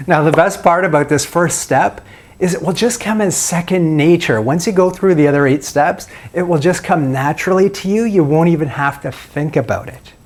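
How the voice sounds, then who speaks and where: A man giving self-help dating advice in a video, walking the listener through a long run of guiding questions. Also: fairly high pitch. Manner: asks the listener question after question in a coaching tone. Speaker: dating coach.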